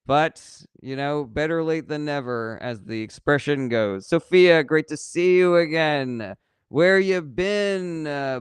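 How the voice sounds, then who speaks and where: A man's voice: on the high side, clean tone, dry recording, studio quality. Blunt, sarcastic young man reading chat. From California. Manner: blunt and sarcastic, reads comments aloud then answers; swears casually. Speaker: livestream host answering viewer questions. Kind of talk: casual live-stream chat.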